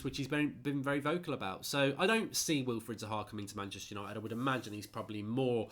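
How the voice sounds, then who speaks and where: Blunt, tired football host. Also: male voice, mid-range voice, a bit bright. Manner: blunt, opinionated, chatty. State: tired, yawning. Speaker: football channel host reading viewer comments. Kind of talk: casual live-stream chat.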